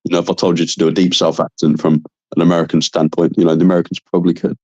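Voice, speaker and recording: A man's voice: deep voice, little pitch movement, very fast, darkish tone, husky, no room sound, muffled recording. A man from southern England with a southern English accent, a volunteer soldier, chatting in an easygoing, upbeat way. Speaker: British volunteer soldier in Ukraine. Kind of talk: casual chat on a live stream.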